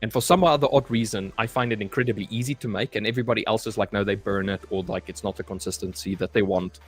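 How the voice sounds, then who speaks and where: A man's voice: on the low side, fast talker, breathy edge. Joking man chatting. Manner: joking, rambling, repeats words. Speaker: livestream co-host. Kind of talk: casual chat.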